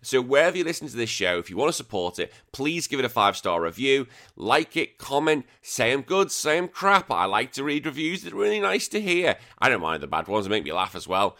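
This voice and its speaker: A man's voice: medium pitch, big pitch swings, a little fast, hardly any pauses, sharp tone. A man from the UK hosting a retro gaming podcast, chatting casually in a jokey, self-mocking way. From United Kingdom. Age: adult with a young daughter. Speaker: podcast host.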